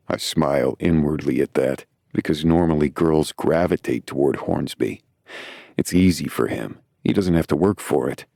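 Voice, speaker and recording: Deep, gravelly male audiobook narrator. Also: normal speed, warm tone, no echo, clean studio sound. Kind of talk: first-person audiobook narration.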